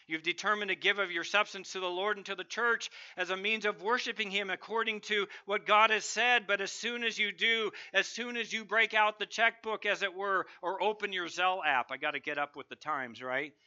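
A man preaching a sermon, emphatic, bursting louder when he voices the barking dog of evil in his illustrations. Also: high voice, dull audio.

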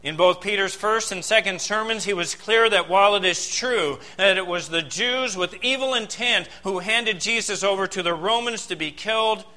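A pastor delivering a sermon. He preaches emphatically, with dramatic pauses and rhetorical questions. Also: high voice, bright, forceful tone, poor audio.

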